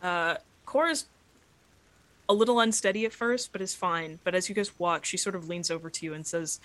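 A woman narrating as game master, soft and hesitant with many fillers. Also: fairly low pitch, moderate pace.

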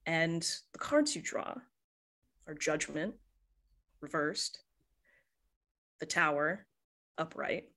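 Slow, low-voiced woman game master. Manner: relaxed, descriptive, many "um"s and "like"s. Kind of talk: narrating a tabletop role-playing game.

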